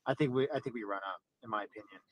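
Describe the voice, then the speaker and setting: A man calling in to an online chat, giving quick, tentative opinions. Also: fairly low pitch, no room sound, poor audio. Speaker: caller. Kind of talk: casual conversation. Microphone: online audio call.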